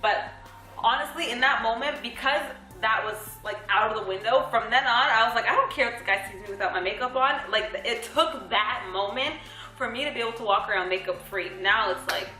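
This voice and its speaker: A woman's voice: a little high, a little fast, pushed and bright, soft background music. Bubbly young woman in an echoey room. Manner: bubbly, laughs often, acts out quoted dialogue. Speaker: vlog co-host. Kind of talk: casual storytelling to camera.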